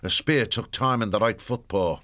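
A man narrating an audiobook in a steady storytelling manner. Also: fairly low pitch, normal speed.

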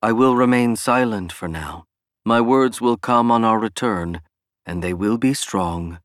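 A man voicing a calm, reassuring male alien pilot in a steady, measured way. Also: fairly low pitch, no room sound, studio quality, close to an everyday voice.

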